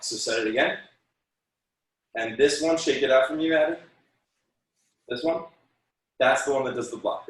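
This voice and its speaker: A man coaching a martial arts class online, calling out counts and giving encouraging corrections. His mid-pitched voice rings through a very echoey room. He speaks from some distance off the mic. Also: fairly bright tone. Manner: encouraging, counts out moves and corrects students by name. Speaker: taekwondo instructor. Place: room, teaching students over video call.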